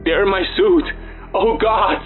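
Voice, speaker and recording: A man voicing a panicking male astronaut who shouts frantically over a radio link. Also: sits high, unhurried, voice pushed up. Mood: panicked. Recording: tinny radio-like voice with music.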